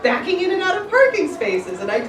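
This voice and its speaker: Lively woman telling a story on stage. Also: very high-pitched, a little fast, far from the mic. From Florida. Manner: animated and laughing, dramatic retelling. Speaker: improv performer telling a story. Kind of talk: storytelling to a live audience. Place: theater stage. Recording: roomy theater audio from afar, noisy.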